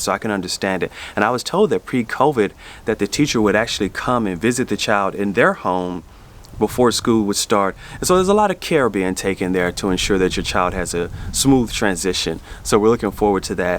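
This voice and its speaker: Middle-aged man with a lowish voice, loose rambling delivery, family vlogger talking to camera. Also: slight background noise. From Southern US. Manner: rambling, with many restarts and fillers. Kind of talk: casual chat to camera.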